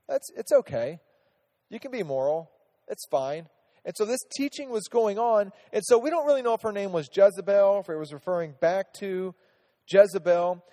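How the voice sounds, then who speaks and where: A man's voice: sits high, mellow, big-room sound. A man teaching a casual Bible lesson to a group, chatty, asking them questions and restarting his sentences often.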